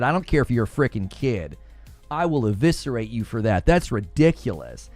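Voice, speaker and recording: Casting: middle-aged male podcast host, lively swooping pitch, heated chatty storyteller, soft music underneath. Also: moderate pace, no room sound. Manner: animated, heated storytelling with many restarts. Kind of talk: casual chat.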